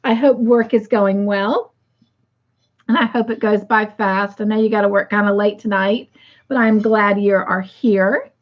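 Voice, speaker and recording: The muffled, lo-fi recording captures a woman hosting a livestream in an unhurried, mid-range voice with fairly even intonation. She chats casually with lots of fillers, saying hello to viewers as she reads their comments out loud.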